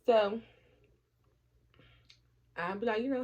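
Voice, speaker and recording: A woman's voice: mid-range voice, unhurried, long pauses. A woman vlogger in a casual storytelling chat, swearing freely and acting out what her friends said, while doing her hair at home. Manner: profane, animated, acts out quoted friends. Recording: dull lo-fi audio.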